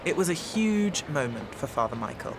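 A woman presenting and narrating a radio documentary in a measured, clear reporting voice. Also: low voice, big pitch swings, background noise. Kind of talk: scripted narration.

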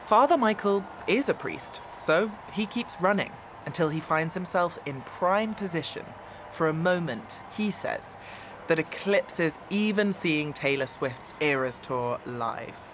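A woman presenting and narrating a radio documentary in a measured, clear reporting voice. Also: on the low side, expressive, background noise. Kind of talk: scripted narration.

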